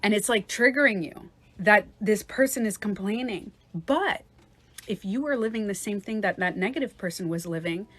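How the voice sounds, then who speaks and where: Casual woman coach chatting on a live stream, swears a bit, mid-pitched voice. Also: moderate pace. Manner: chatty, swears, acts out other people's voices. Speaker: life coach. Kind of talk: casual livestream talk.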